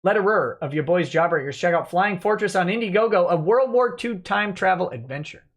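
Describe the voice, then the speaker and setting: A man hosting a relaxed livestream, reading viewer messages aloud and answering them offhandedly. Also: high-pitched, fairly quick. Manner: reads donor messages aloud, chatty and offhand. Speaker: livestream host reading chat. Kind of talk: relaxed live-stream chat.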